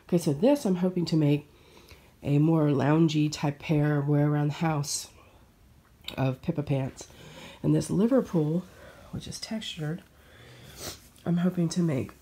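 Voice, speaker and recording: A woman with a low voice chats to camera as a sewing vlogger. She is hoarse from a cold, and her friendly, rambling delivery is full of fillers and restarts. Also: slow, pauses often, warm tone. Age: adult with children. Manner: chatty, with frequent fillers and restarts. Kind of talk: casual chat to camera.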